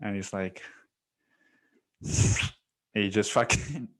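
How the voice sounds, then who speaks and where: A young man hosting a solo podcast, talking in a rambling, profane, confessional way, full of "dude" and "man," swinging between loud bursts and near-whispers. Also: lowish voice, takes it slowly. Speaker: podcast host.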